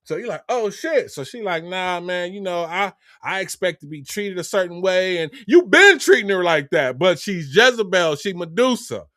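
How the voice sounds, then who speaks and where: A man's voice: high voice, expressive, normal speed, few pauses, bright, forceful tone, no echo, clean studio sound. A middle-aged man hosting a casual livestream, preaching in street talk and acting out both sides of a conversation. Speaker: livestream host.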